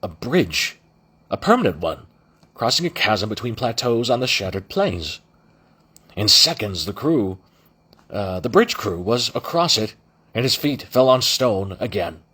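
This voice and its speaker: A man narrating an audiobook in a low, husky voice. His delivery is lively and animated, with frequent restarts and self-corrections. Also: unhurried. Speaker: audiobook reader.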